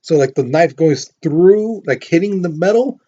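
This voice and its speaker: A man with a warm, slightly high voice and lively intonation speaks at a measured pace in a casual history class. He spins the lesson into stories, acts out quotes, and questions his students. The audio is dull.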